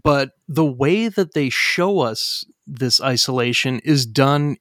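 Animated man in casual film chat. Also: mid-range voice, slow pace, no room sound, clean studio sound. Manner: animated, laughs at his own jokes, swears casually. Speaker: podcast co-host.

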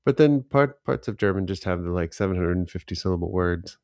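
Male podcast co-host, low voice, deliberate storyteller, dry booth. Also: lively intonation, darkish tone, dry recording. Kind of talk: casual chat.

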